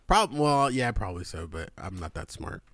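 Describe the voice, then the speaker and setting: A man co-hosting a podcast, telling stories in an excited casual chat with frequent swearing and laughter. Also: fairly low pitch, moderate pace, dry recording. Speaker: podcast co-host.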